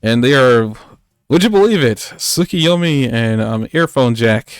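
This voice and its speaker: A man's voice: medium pitch, lively intonation, a little slow, smooth, no echo, clean studio sound, faint music behind. A man co-hosting a podcast, recapping an anime episode in casual, rambling chat with lots of fillers and jokes. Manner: rambling, joking, many fillers. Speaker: podcast co-host.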